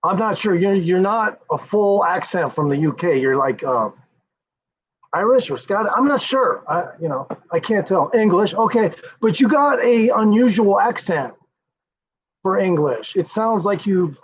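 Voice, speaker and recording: Over dull lo-fi stream audio, an American man talks to his viewers at a measured pace in a high-pitched, animated voice. His casual hosting is full of rambling, swearing and frequent chuckles.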